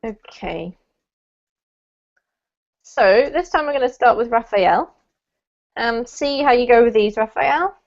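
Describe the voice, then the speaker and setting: A woman with a fairly high voice leads a pronunciation class over a video call, encouraging her students. The audio is dull and muffled. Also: animated, slow pace, pauses often. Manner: encouraging, gives gentle feedback. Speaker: pronunciation teacher. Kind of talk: online group pronunciation class.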